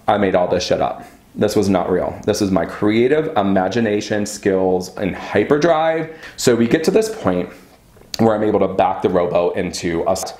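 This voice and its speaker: A man with a lowish voice spins a profane, animated personal story, jumping into the voices of the people in it. He speaks casually, as if chatting straight to a viewer, and his voice rings in a noticeably echoey room. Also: normal speed. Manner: profane, animated and dramatic, acting out quotes. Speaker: vlogger telling a personal story. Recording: roomy echo.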